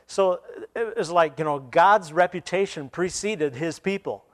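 Man preaching a sermon, slightly high voice. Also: animated. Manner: retells scripture, then explains with pauses and restarts.

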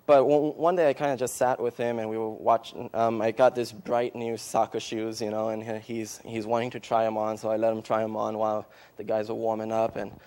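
A missionary at a church service offers a heartfelt testimony and begins preaching, his speech broken by fillers and restarts. His voice is on the low side, darkish in tone, and flat in delivery.

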